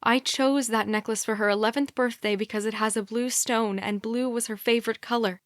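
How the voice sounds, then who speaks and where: Brief: female audiobook narrator, measured and quiet, slightly high voice, dry studio sound. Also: fairly even intonation, no echo. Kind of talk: scripted narration.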